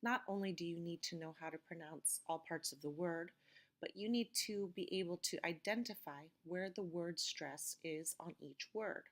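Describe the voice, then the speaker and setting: Female instructor, lower register, clear deliberate pronunciation drills for a lecture. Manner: slow, careful pronunciation drills. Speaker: teacher. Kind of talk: recorded vocabulary lecture.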